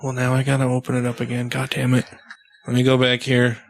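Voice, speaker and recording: A man hosts a loose studio podcast at an ordinary middle pitch. He reads definitions aloud in a tone of amused disgust and keeps the talk moving. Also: monotone, fast, creaky. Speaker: podcast host. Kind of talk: casual podcast chat.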